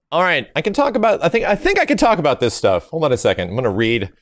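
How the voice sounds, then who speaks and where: Excitable, swearing man recapping a game. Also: a little high, fast talker, few pauses. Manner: excitable and profane, with lots of fillers and sung hums. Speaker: gaming channel host.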